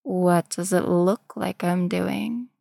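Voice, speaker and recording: A woman voicing a young man who speaks softly and lightly, matter-of-fact and eerily detached, in a storybook reading. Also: on the low side, steady tone, slow pace, vocal fry, no echo, clean studio sound, heavily acted. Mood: calm detached.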